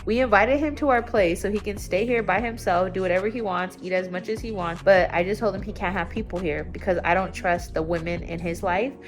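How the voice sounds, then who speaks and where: A young woman talking at home in a casual confessional vlog, candid and rambling, her voice jumping up when she gets excited. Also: brisk, few pauses, faint music behind. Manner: candid and rambling, with sudden excited jumps in pitch. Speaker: vlogger. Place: at home, indoors.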